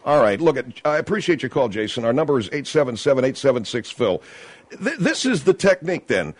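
Fast, animated talk radio host. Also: male voice, medium pitch, no room sound. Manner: excitable, incredulous, quick to move on. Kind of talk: call-in talk radio hosting.

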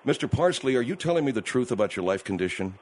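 A man's voice: medium pitch, sing-song, quick pace, a little hiss or hum. A male radio host questioning a caller, skeptical and pressing for the straight story. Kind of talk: call-in radio talk.

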